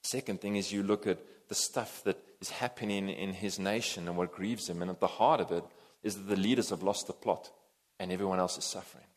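A man preaching a sermon, animated and emphatic, swinging between loud and soft. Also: low voice, a little fast. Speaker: pastor.

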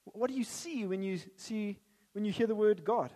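A man's voice: sits high, normal speed, warm tone, big-room sound. A man preaching a sermon, joking at first and then earnest and prayerful.

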